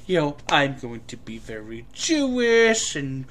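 A man putting on the voice of an indecisive New York rabbi, speaking slowly with a drawn-out, shrugging manner. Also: mid-range voice, big pitch swings, fairly bright tone, voice pushed down. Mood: dithering.

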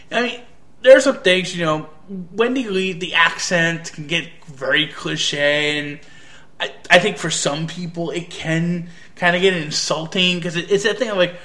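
A man from the United States talks through a review in a loose, hesitant way, often restarting his sentences. His voice sits a little high and sounds bright and forceful. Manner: hesitant, rambling, frequent restarts. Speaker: anime reviewer. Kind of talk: casual spoken review.

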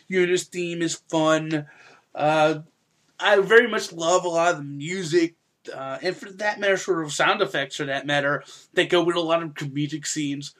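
A man hosting a casual podcast review, chatty and quick to laugh, sometimes breaking into loud silly impressions. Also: fairly high pitch. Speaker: podcast host reviewing an anime.

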